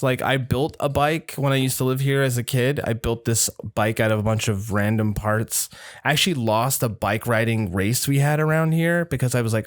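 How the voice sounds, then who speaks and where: A man's voice: mid-range voice, no echo, studio quality. A young man hosting a podcast, rambling through stories, swearing and acting out quotes in a raised voice. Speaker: podcast host. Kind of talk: casual chat.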